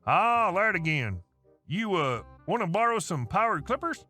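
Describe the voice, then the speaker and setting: A man's voice: sits high, sing-song, moderate pace, sharp tone, soft background music, full character voice. A man doing a drawling Southern neighbor. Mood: amused. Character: southern male neighbor, calm and amused.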